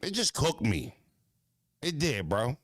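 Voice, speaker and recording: A man hosting a casual podcast, ranting bluntly with profanity, jumping into animated voices and stuttering restarts. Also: medium pitch, takes it slowly, no echo. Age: adult. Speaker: podcast host.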